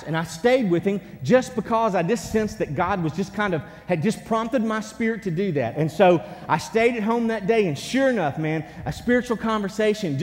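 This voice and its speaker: Male pastor, higher voice, lively sermon delivery, church hall with long reverb. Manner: animated preaching, swings from hushed to loud. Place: church sanctuary.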